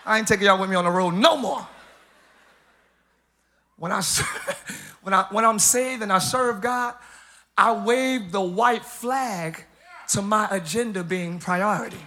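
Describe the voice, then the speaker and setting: A man preaching a live church sermon as pastor, joking with the congregation, hyped up and breaking into shouts and laughs. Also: high voice, measured pace, pauses often, a little hiss or hum. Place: church service.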